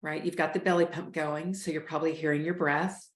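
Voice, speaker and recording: A woman coaches listeners through a breathing exercise at a calm, steady pace. Her voice sits a little low. The recording has a roomy echo. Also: fairly quick. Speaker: host, life coach. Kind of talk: guided breathing instruction.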